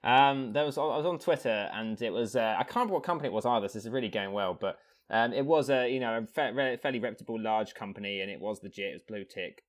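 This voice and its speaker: A man's voice: medium pitch, quick pace. A man co-hosting a casual chat, telling an anecdote and laughing along. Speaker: podcast co-host.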